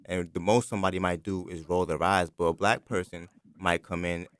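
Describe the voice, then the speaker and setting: A man speaking in a measured, explanatory way during a podcast discussion, often saying "you know". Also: low-pitched, flat delivery, smooth, dry recording, studio quality. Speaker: discussion participant.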